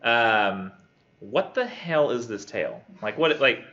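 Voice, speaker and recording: A man teaching a college English class, animated and joking. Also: medium pitch, slow pace. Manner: animated, joking, self-deprecating. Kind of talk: jokey classroom lecture. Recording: muffled lo-fi classroom recording.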